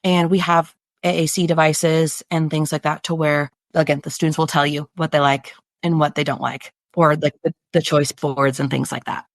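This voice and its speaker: A woman who teaches special education speaks as a podcast guest in an earnest, chatty way, often slipping into quoted parents and students. Her voice sits on the low side, and the recording is dry and close. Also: flat delivery, moderate pace, hardly any pauses, dry recording. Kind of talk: casual conversational interview.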